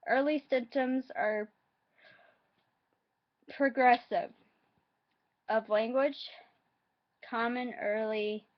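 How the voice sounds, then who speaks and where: Woman reading facts aloud, hesitant, slow, muffled lo-fi home audio. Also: on the high side, fairly even intonation. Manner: halting, hesitant reading with asides. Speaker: vlogger.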